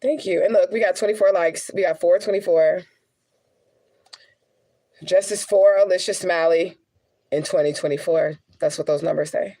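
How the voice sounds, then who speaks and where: A woman's voice: on the low side, steady tone, normal speed, long pauses, warm tone. A young adult woman, a spiritual reader, venting candidly on a livestream, cursing freely and laughing often.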